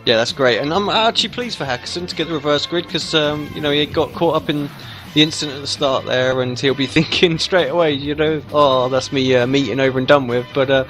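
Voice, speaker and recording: A man's voice: on the high side, fairly quick, a bit bright, soft background music. Enthusiastic man commentating sim racing. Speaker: race commentator.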